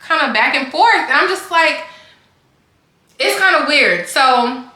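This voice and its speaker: Chatty young woman, bright, echoey room. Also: high-pitched, lively intonation, measured pace. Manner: chatty, rambling, heavy use of "like". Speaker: vlogger telling a storytime. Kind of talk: casual storytime chat.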